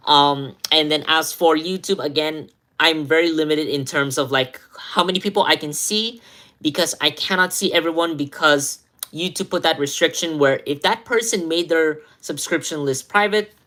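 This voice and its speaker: A social media creator with a low-sitting voice reads a long list of follower names as a shoutout, halting with many ums and apologizing whenever she stumbles over a name. Afterward she chats casually with her followers.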